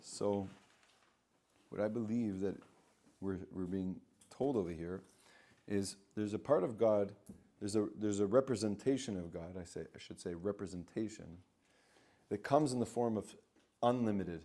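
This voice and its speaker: A man who works as a spiritual coach, giving an animated teaching talk, repeating phrases and acting out inner voices as he explains. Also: on the low side, normal speed, pauses often.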